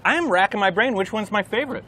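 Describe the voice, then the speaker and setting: Male co-host, bright tense voice, jokey casual chat, live outdoors. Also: sits high, expressive, quick pace. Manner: jokey, laughs often. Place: outdoors at an oyster farm.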